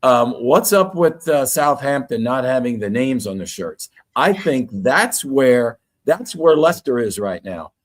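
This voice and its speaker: Casual male co-host, middle-pitched, jokey and loose. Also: unhurried, few pauses. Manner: jokey, relaxed storytelling. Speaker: watchalong co-presenter. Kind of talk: casual podcast banter.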